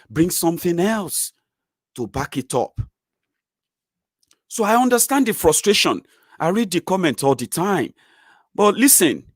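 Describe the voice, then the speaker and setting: A Nigerian man with a Yoruba accent, hosting a casual commentary vlog in an animated, chatty way. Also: on the high side, no room sound, clean studio sound. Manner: animated, chatty, many fillers, lively rising swings. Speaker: channel host.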